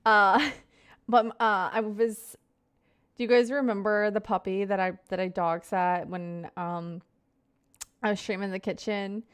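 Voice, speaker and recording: A woman's voice: mid-range voice, fairly even intonation, unhurried, smooth. A young woman in her twenties chatting casually on a live stream, greeting viewers by name and rambling through stories.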